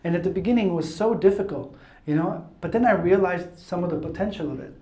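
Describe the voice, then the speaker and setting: A man from Italy tells a personal story in a chatty, self-mocking way. His voice sits a little higher than most men's. The sound carries a noticeable room echo. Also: fast talker, mellow. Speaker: speaker. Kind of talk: casual testimony talk. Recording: roomy echo.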